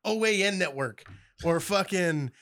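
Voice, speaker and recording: A man's voice: high voice, lively intonation, a little slow, noisy background. Man swearing through a heated rant. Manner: heated, swears constantly, gets worked up. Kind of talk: casual profane chat.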